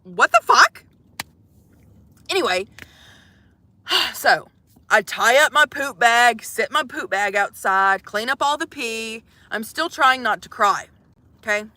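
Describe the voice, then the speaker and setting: A woman's voice: on the high side, measured pace, bright, forceful tone, no room sound. A young woman telling a comic, profane story to live viewers from inside a van, exasperated and swearing freely. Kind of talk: casual storytelling livestream.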